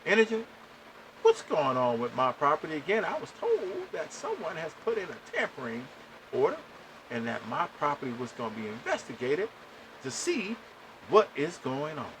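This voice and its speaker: A man's voice: on the high side, normal speed, noisy background. A man hosting a podcast, telling a long story in a casual, exasperated way and speaking straight to his listeners. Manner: animated, exasperated, addresses listeners directly. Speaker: podcast host.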